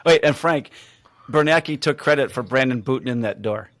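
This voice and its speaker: A man's voice: mid-range voice, no room sound. A man in casual chat, telling a police story with energy and some swearing. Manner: energetic, swearing, quick to laugh.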